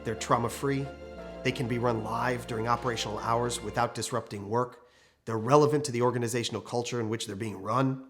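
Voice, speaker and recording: A man's voice: medium pitch, fairly even intonation, brisk, soft background music. A man working as a training consultant, telling a workplace case study in a conversational, anecdotal way. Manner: conversational anecdotal, acts out quoted people. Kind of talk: storytelling case study talk.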